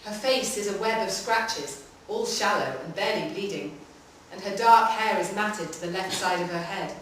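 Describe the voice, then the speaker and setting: A woman giving a live, measured reading of a short story in a public library room. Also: mid-range voice, slight background noise. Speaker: reader. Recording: echoey hall from far off.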